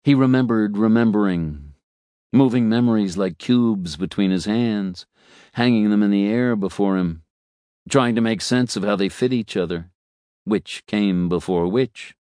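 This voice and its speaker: Low-voiced male audiobook narrator. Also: dark tone, dry recording, clean studio sound. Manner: measured, voices characters in dialogue. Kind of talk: scripted narration.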